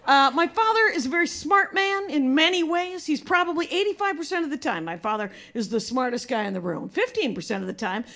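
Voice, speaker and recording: A middle-aged American woman performing a stand-up routine, telling stories in a dry way and quoting others quickly. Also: high-pitched, very animated, creaky, fairly bright tone. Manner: dry storytelling, quick quoted asides. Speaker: stand-up comedian. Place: live comedy show with audience. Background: audience laughter.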